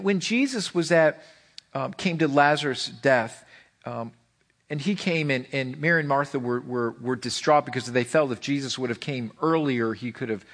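A man's voice: fairly high pitch, normal speed, a bit bright. A man preaching a sermon as pastor, impassioned, with lots of repeated phrases and restarts. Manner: impassioned, repeats phrases, voices God in quotes.

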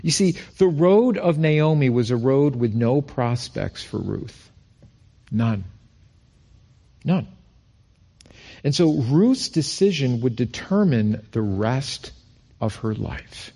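A middle-aged male pastor from Rochester, New York, preaching a sermon and acting out quoted lines with rising pitch. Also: lively intonation, takes it slowly, vocal fry, pauses often, dark tone.

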